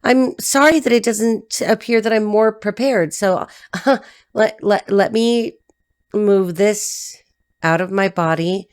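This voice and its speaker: A woman reading tarot who chats off the cuff, rambling and swearing freely, laughing often and jumping between low asides and high excited bursts. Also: slow, clear, resonant tone. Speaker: tarot reader and life coach. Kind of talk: casual unscripted chat to camera.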